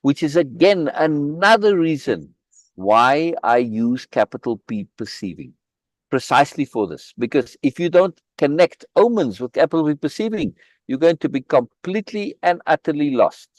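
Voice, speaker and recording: A man's voice: on the high side, big pitch swings, normal speed, dry recording. A man leading a live online book reading group, commenting in an emphatic way, often repeating words and restarting his phrases. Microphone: video call.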